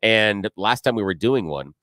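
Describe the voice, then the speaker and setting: A middle-aged man co-hosts a radio show, bantering quickly with a lot of swing in his pitch. His voice is lowish, and the studio sound is close and dry. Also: dry recording. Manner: quick, animated, laughing banter. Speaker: radio co-host. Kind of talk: casual radio chat. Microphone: studio microphone.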